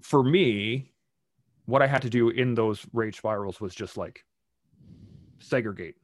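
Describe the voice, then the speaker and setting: A man in casual conversation, animated and swearing freely as he acts out his own angry outbursts. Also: on the low side, measured pace, no room sound, clean studio sound.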